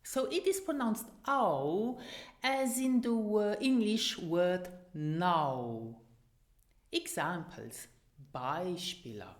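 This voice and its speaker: A woman whose first language is Luxembourgish teaches pronunciation, saying each word slowly and repeating it for the listener to copy. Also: mid-range voice, very animated, reverberant. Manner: slow, deliberate, repeats words for practice. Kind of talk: pronunciation lesson.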